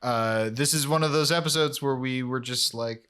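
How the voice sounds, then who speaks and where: A man's voice: medium pitch, normal speed, a bit bright, clear, resonant tone. Man, podcast co-host, scene recaps, quotes characters, dry humor. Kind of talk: casual rewatch podcast chat.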